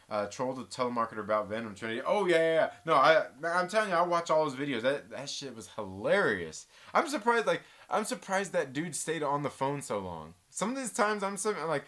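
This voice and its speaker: This host's voice is a little high as he runs a relaxed live-stream chat. He reads comments from viewers aloud and spins lively, rambling stories, restarting often and cursing mildly.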